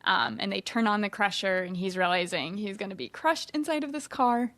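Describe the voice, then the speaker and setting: A woman's voice: medium pitch, fairly bright tone, no room sound. Agreeable woman co-host chiming in. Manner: agreeable, chimes in with quick affirmations. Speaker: podcast co-host. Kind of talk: casual movie recap chat.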